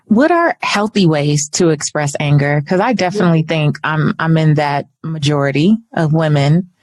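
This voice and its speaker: Relaxed woman podcast host, low voice. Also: normal speed, dry recording. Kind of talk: conversational interview.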